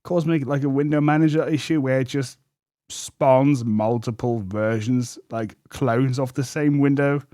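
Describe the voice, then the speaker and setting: A man hosting a reaction video, making quick, incredulous asides. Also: mid-range voice, steady tone, dark tone, dry recording, clean studio sound. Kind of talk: reaction commentary.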